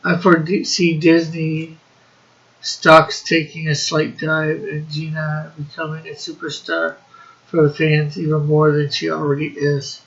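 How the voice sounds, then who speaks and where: Slow-talking bright-voiced man. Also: on the high side, completely flat delivery, creaky, highs cut off. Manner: reads out chat messages, drawling. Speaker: co-host of a live stream. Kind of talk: casual live-stream chat.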